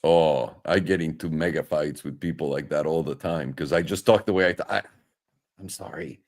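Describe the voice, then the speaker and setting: A man's voice: rumbling low, normal speed. A man from Mexico, casual and profane, telling a story in a podcast chat and acting out what people said. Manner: animated, profane, acts out quotes. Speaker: podcast host.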